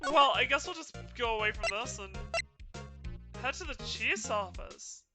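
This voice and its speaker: A woman's voice: a little high, animated, a little slow. Playful woman streamer over game music. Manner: playful, reads dialogue aloud in voices. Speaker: streamer playing a game for the first time. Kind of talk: casual game commentary, reading lines aloud.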